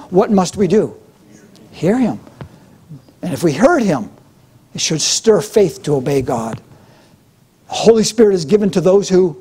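A man's voice: on the high side, mellow, husky. A middle-aged man preaching a sermon as pastor, with a fervent, repetitive preaching cadence.

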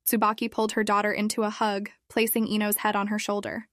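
A woman reads a fan fiction story aloud in an expressive way. Her voice sits at a middling pitch. The sound is close and dry, with no room around it. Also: fast talker, no room sound. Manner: expressive reading.

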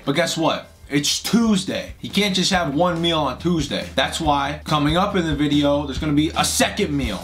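A man's voice: on the high side, expressive, normal speed, fairly bright tone, soft background music. A young man vlogging for comedy, goofy and hyping up his lines. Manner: goofy, hypes every line up. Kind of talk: comedic vlog and reaction.

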